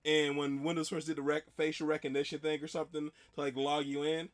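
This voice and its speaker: A man's voice: on the high side, level tone, fast. A man hosting a reaction video, talking in a rambling, chatty way full of restarts. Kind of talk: casual reaction commentary.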